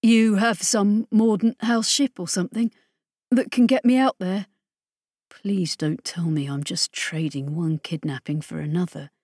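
A woman reading an audiobook voices a weak, frightened young man who pleads and breaks into high squeaks. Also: fairly even intonation, measured pace, darkish tone, no echo, clean studio sound. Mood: weary. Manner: pleading, rising to frantic squeaks.

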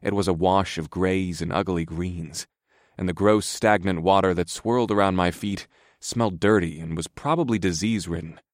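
A man's voice: deep voice, fairly even intonation, moderate pace, no echo, clean studio sound. A man narrating a first-person fantasy audiobook in a wry, grumbling, understated manner.

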